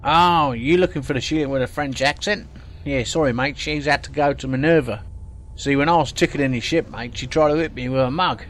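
A man puts on a brash, sweary Australian parking warden aboard a space station, blunt and unbothered. His voice sits at an ordinary middle pitch. A faint hum runs underneath. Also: a little fast, fairly bright tone, natural voice. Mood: gruff.

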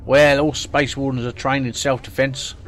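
A man's voice: mid-range voice, level tone, moderate pace, fairly bright tone, natural voice. A man voicing a foul-mouthed, blunt space station parking warden with an Australian accent, over a faint background hum. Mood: gruff. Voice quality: brash, sweary and blunt.

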